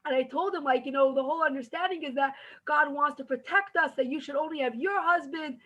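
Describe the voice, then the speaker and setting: Bright, high-voiced woman podcast host. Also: fast talker, low-quality recording. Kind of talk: casual storytelling.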